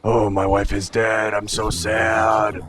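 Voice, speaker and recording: A man putting on a miserable, grieving man who drones on in a self-pitying whine, his voice pitched low. The voice sounds changed from the storyteller's own, mopey and sunk in gloom. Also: monotone, takes it slowly, a bit bright.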